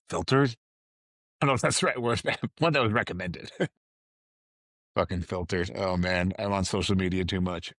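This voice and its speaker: A man hosts a solo podcast in a casual, rambling chat. His voice sits somewhat low and sounds dry and close to the mic. He drifts between asides in an easy, unhurried way. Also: a bit bright, dry recording. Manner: rambling, loose and conversational with fillers and asides. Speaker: podcast host.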